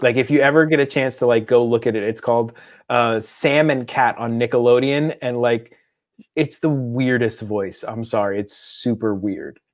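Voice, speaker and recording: A man's voice: mid-range voice, steady tone, normal speed. A man co-hosting a podcast, talking in a rambling, tangent-prone way. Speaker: podcast co-host. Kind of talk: casual chat.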